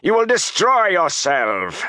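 A man voicing a menacing male dark lord villain in an audiobook, slow and commanding, swinging between roars and low hisses. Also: big pitch swings, creaky, no echo, studio quality, heavily acted. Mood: raging. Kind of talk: audiobook character voice.

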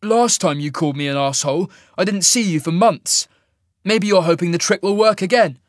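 A sullen, hot-tempered young man, voiced by a man in a raised, loud, petulant voice. He snaps each line sharply in a storybook reading. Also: high voice, animated, moderate pace, no echo, clean studio sound, voice pushed up. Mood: angry.

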